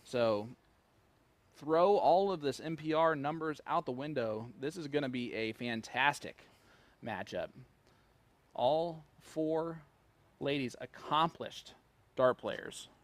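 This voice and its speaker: A man's voice: on the high side, expressive, takes it slowly. A man commentating live darts, chatty and joking as he reads out player stats.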